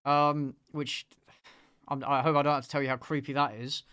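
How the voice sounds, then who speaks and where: Guy on his channel chatting about a movie review, kinda high voice, smooth and dry, swears a bit. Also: level tone, moderate pace, sharp tone, no echo. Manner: casual, rambling with fillers and swearing. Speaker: channel host. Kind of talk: live review discussion.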